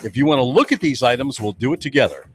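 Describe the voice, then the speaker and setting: A man's voice: mid-range voice, quick pace, faint music behind. A man hosting a talk radio show, chatting casually and jokingly in a studio. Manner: animated, jokey, acts out other people's voices. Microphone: studio microphone.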